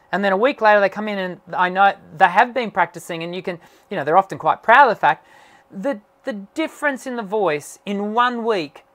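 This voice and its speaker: A middle-aged male voice teacher taking questions during a live online session. His voice sounds strained and worn as it recovers from dysphonia. He explains at length, often pausing on fillers and restarting sentences. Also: sits high, fairly bright tone.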